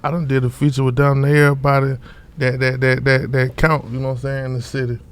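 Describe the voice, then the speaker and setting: A man's voice: mid-range voice, monotone, quick pace, clean tone. A young man from Orlando, a rapper guest, talking loosely in street slang with many fillers and repeated words. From Orlando, Florida. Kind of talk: casual interview talk.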